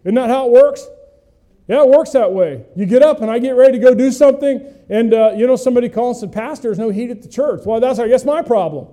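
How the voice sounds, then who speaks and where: Folksy pastor, high and very dark voice. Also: male voice, fast. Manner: folksy, asks the listeners questions, self-mocking humor. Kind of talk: conversational sermon with stories.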